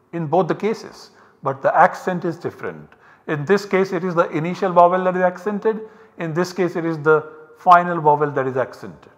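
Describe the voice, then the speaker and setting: A man with a slightly higher voice lectures to a class, patiently walking through each step and repeating key points. His voice carries a long reverb, as if recorded in a lecture hall. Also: a bit bright. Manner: methodical, explains step by step with repetitions. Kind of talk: university lecture.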